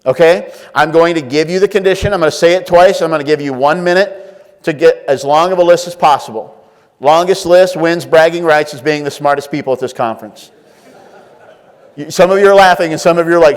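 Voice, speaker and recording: A man with a fairly high voice leads a workshop in a big conference room. He talks with a lot of energy, acting out little inner voices and asking the crowd questions. The sound rings on with a long echo from the hall. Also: a little fast. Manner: lively, acts out inner voices, quizzes the audience. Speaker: workshop speaker.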